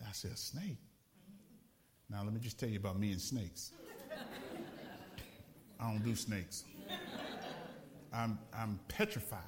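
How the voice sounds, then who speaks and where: A man's voice: fairly low pitch, fairly even intonation, unhurried, pauses often, slight background noise. A man preaching a sermon, a pastor from the Los Angeles area, telling a story with laughs and repeated phrases for emphasis.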